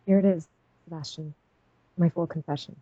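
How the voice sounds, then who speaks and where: A woman's voice: sits low, steady tone, normal speed, warm tone, no echo, muffled recording, voice pushed down. A woman reading as a commanding young nobleman. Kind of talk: dramatic reading of a fanfic.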